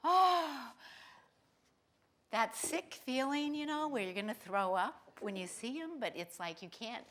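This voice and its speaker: A woman comedian telling a wry, self-mocking story on stage in an animated way. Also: a little high, normal speed. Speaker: stand-up comedian. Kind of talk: stand-up storytelling.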